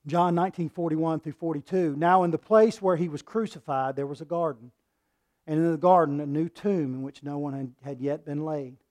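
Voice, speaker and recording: A male preacher delivering a sermon, reading scripture and swinging between loud, forceful passages and hushed ones. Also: on the high side, fairly even intonation, normal speed. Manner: reads scripture aloud and acts out quoted lines.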